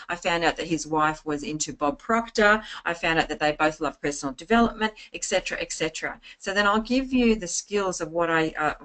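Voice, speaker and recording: A woman giving an informal sales training talk, full of anecdotes, chatty and lively, restarting her phrases often. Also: on the low side. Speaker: network marketing trainer.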